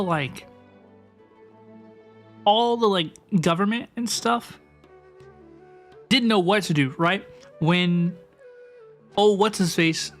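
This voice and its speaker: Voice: mid-range voice, fairly bright tone. Game streamer talking to chat, lots of like and right, faint music in the back. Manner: rambling, filler-heavy, asks chat "right?". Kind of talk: casual live-stream commentary.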